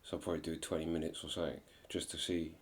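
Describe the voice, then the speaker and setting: A man introducing a reaction video in a relaxed, rambling way with many fillers. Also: rumbling low, rapid-fire. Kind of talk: casual reaction commentary.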